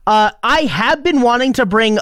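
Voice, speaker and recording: A man's voice: very high-pitched, lively intonation, normal speed, a bit bright, no echo, clean studio sound. A man co-hosting a morning radio show, bantering in a wry, skeptical way.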